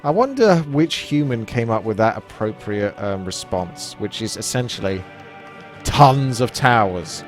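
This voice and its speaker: A man's voice: on the low side, animated, moderate pace, few pauses, darkish tone, faint music behind. A man co-commentating a strategy game match in a casual, joking and teasing way. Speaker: esports co-commentator.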